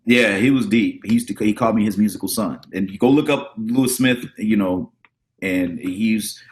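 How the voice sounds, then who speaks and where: Man telling animated stories as a guest. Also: on the low side, normal speed. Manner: animated storyteller, acts out quoted voices. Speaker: podcast guest, drummer and educator. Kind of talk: casual storytelling interview.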